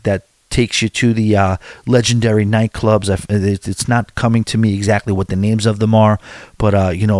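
This man in his forties has a fairly low, darkish voice with no echo. In casual chat, he tells rambling, self-deprecating stories, restarting often.

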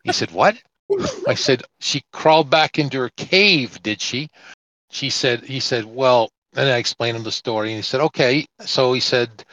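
A Canadian truck driver co-hosts a casual podcast, telling a long story and acting out every quoted exchange. His medium-pitched voice has a fairly bright tone and sits close to the mic, with dry, dull-sounding audio.

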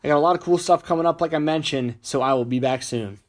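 A man's voice: fairly high pitch, fast talker. A man hosting a podcast, reading sponsor plugs in a chatty, casual way, stumbling over his words as his voice gives out. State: losing his voice. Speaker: podcast host.

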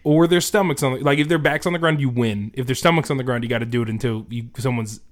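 A man's voice: medium pitch, steady tone, fast. A young man in casual chat, telling stories in a laid-back way and laughing often.

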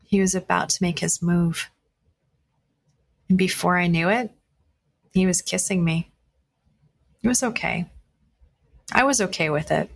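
A woman's voice: lowish voice, a little slow, vocal fry, pauses often, breathy edge. A woman hosting a podcast, candidly telling a personal dating story to listeners, speaking bluntly and swearing freely, with frequent restarts. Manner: frequent restarts and fillers, conversational retelling. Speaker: podcast host.

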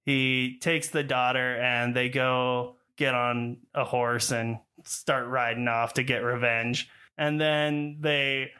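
A man's voice: mid-range voice, level tone, takes it slowly, bright, forceful tone, clear, resonant tone. A man co-hosting a podcast, animatedly retelling a movie plot in casual chat and laughing often as he mimics the characters. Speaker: podcast co-host.

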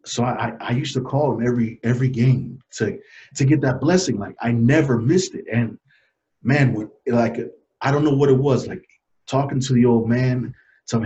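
Earnest man, dull lo-fi sound. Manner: earnest, halting, voice dropping low and soft in emotional moments. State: emotional, choked up. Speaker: interview guest. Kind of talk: personal storytelling in conversation. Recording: dull lo-fi audio.

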